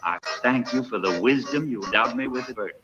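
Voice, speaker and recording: A man's voice: mid-range voice, brisk, music in the background, close to an everyday voice. An actor playing a smug, self-righteous male plantation owner who prays aloud in a dubbed film. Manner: self-satisfied, preaching prayer. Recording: dull lo-fi film audio with noise.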